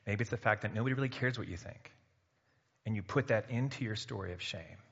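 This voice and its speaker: Male preacher, conversational sermon with loud emphatic bursts; dull recording in an echoing hall. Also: lowish voice, breathy edge. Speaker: pastor. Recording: muffled sound in a reverberant hall.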